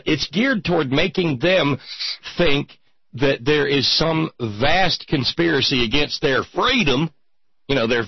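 A man's voice: mid-range voice, slightly rough, dry recording, dull audio. A man hosting a talk show, ranting sarcastically with lots of restarts. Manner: sarcastic, animated rants with many restarts. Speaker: podcast host. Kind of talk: casual political talk show chat.

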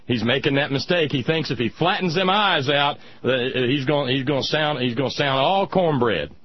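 A man's voice: mid-range voice, moderate pace, slightly rough, no room sound. A male radio talk show host in casual, blunt political chat, sardonic and full of restarts. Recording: dull lo-fi radio with faint hiss.

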